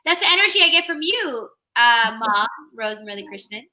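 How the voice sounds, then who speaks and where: A young woman talks on a live stream in a very bright, sharp voice that sits a little high. She is chatty and upbeat as she reflects and shares her thoughts. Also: very animated, brisk, low-quality recording. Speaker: musician guest. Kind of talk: casual live-stream chat.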